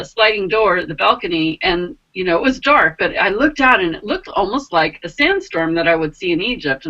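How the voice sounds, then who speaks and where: A woman telling a personal story in a casual, rambling way, acting out her own quotes with big jumps in pitch. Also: bright, forceful tone, dull audio. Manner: rambling with many fillers like "like" and "you know". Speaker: spiritual mentor and energy healer.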